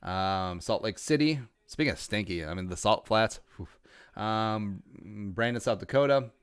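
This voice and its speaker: A laid-back man hosts a casual livestream, reading shout-outs with wry little jokes. His voice sits fairly low and sounds smooth and clear. The recording is dry and close, with no room around it. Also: lively intonation, moderate pace, no room sound. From Minnesota. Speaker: podcast host.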